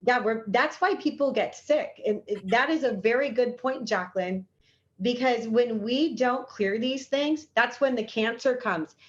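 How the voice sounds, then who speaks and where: A woman's voice: a little high, measured pace. A woman speaking as a healer in an interview, enthusiastic and acting out little inner dialogues as she explains. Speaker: guest healer. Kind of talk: conversational interview. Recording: dull lo-fi audio.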